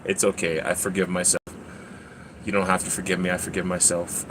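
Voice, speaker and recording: A man's voice: deep voice, little pitch movement, brisk, background noise. A man hosting a casual livestream, rambling, laughing often and talking to his cat. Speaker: livestream host.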